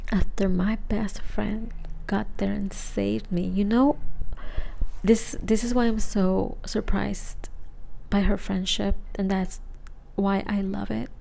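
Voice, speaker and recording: A young woman whispers a rambling ASMR story while high, her voice gravelly and dark. She drifts between soft whispers and murmured speech, loose and slangy. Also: slight background noise. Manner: rambling, casual, peppered with "like" and swearing.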